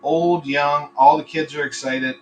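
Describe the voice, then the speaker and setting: A man's voice: on the high side, fairly even intonation, measured pace, far from the mic, a little hiss or hum, poor audio. A man hosting a casual live podcast, rambling between topics, swearing freely and telling crude jokes. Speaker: podcast host. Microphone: computer microphone.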